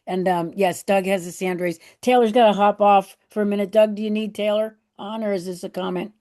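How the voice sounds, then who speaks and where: A woman's voice: medium pitch, steady tone, a little mellow. A woman hosting a webinar Q&A on a video call, handing the floor around and apologizing now and then. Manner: apologetic, quick to hand over the floor. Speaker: host and moderator. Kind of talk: moderating a webinar Q&A.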